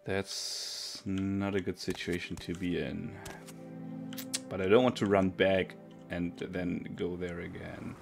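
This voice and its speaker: Gravelly low-voiced man gaming. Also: flat delivery, slow pace. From Germany. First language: German. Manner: thinking aloud, self-correcting. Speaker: let's play streamer. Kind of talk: casual gameplay commentary. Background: game music.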